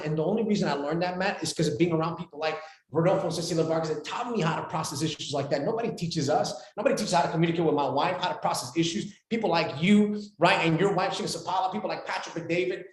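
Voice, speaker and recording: A man in his forties talks quickly with a high voice and stacks up repeated phrases for emphasis. He speaks as a podcast guest. The echoey room rings behind him. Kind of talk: animated podcast talk.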